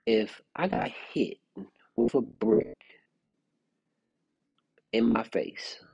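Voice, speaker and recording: A man's voice: on the low side, animated, drawn-out words, creaky, mellow, breathy edge, no echo. A man hosting a podcast, talking casually in a rambling commentary with lots of fillers and restarts. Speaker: podcast host.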